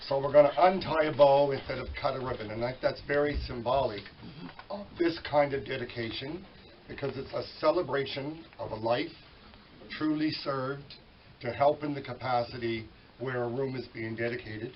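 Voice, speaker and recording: A man's voice: mid-range voice, normal speed, a little hiss or hum. A man with a weak voice, chatting folksily as master of ceremonies at a library dedication, correcting himself as he goes. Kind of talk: public ceremony announcements. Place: library at a public dedication event. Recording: distant, dull event recording with crowd.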